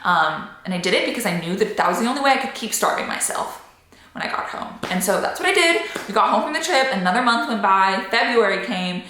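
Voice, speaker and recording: A woman's voice: mid-range voice, animated, fairly quick, sharp tone, very echoey. A young woman vlogger telling a personal story to camera, candid and chatty with lots of "like" fillers.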